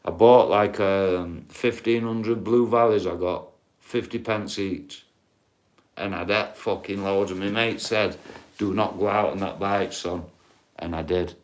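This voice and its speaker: A man rambles through stories on a casual livestream, swearing freely and calling out to viewers by name. His voice sits a little low. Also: steady tone, a little slow.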